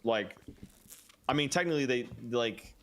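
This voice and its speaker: A man's voice: mid-range voice, expressive, normal speed, over a noisy crowd. A man co-hosting a casual podcast, talking in hesitant fits and restarts. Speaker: podcast co-host. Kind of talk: casual chat among friends.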